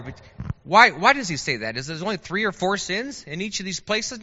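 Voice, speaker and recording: A man teaching a Bible class in a chatty, animated way, asking his listeners questions. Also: high voice, measured pace. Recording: dull lo-fi sound with long hall reverb.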